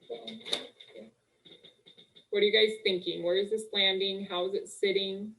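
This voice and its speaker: A young woman working as a marriage coach, talking casually and warmly on a live webinar, full of "like" and "okay", speaking through a video call mic. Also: mid-range voice, flat delivery, moderate pace, a little hiss or hum, low-quality recording. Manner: chatty, upbeat, full of "like" and "okay".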